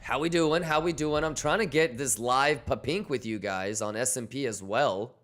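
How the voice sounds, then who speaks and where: A man's voice: medium pitch, normal speed, a bit bright. A man hosting a trading livestream in casual chat. He talks bluntly and swears freely, coaching his viewers on discipline and reading their questions aloud. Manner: blunt, profane, motivational, reads chat aloud.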